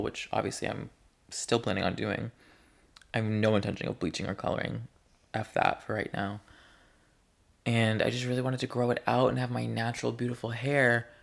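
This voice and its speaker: A young man's lowish, creaky voice carries a casual vlog monologue delivered straight to camera, where he rambles candidly and playfully, lengthening his words.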